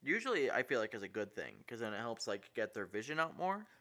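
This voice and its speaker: A man's voice: medium pitch, very animated, fast, sharp tone. A man chatting about movies in a loose, rambling way, full of filler words and jokes. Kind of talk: casual movie chat.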